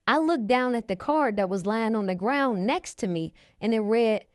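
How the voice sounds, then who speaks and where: A woman's voice: fairly high pitch, moderate pace, hardly any pauses, dry recording, clean studio sound. Woman reading a memoir aloud. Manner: steady first-person reading. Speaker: reader.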